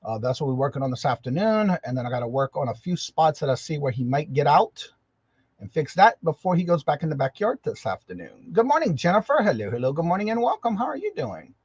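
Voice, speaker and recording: A man's voice: fairly high pitch, sing-song, quick pace, husky, dry recording. A man hosting a casual livestream, chatty and folksy, greeting viewers one by one. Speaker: livestream host. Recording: dull lo-fi sound.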